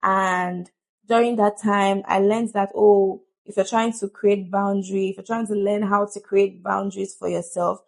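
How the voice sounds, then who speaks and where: Female vlogger, mid-pitched, a bit of fry, earnest motivational chat. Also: level tone, normal speed, darkish tone. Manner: chatty and earnest, laughs often. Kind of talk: casual motivational talk to camera.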